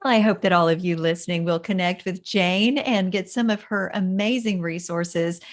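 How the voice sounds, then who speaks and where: A woman's voice: fairly low pitch, normal speed. A woman hosting an interview podcast, asking earnest, appreciative questions. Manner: earnest, appreciative, faith-focused. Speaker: podcast host.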